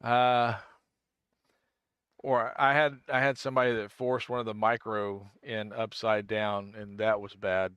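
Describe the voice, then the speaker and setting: A man's voice: on the low side, little pitch movement, unhurried, fairly bright tone, clean tone, no room sound, dull audio. A man streaming a game, chatting casually with viewers and thinking aloud, often restarting his sentences. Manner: rambling, thinks aloud, answers chat; frequent self-restarts. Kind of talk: casual live-stream chat.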